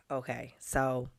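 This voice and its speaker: Woman co-host, gravelly voice, lively storyteller who acts out dialogue, casual faith chat. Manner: animated storytelling, acts out quotes with big pitch jumps. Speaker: podcast co-host.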